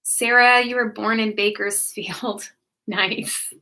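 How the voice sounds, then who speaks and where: An American woman hosts a casual livestream, her voice bright and forward. She chats warmly with viewers and laughs often while answering their comments. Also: mid-range voice, steady tone, slow pace. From United States. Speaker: livestream host.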